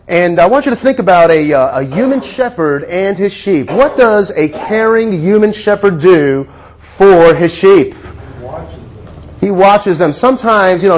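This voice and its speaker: High-voiced man preaching a sermon. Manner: earnest, leads the listeners in repeating lines.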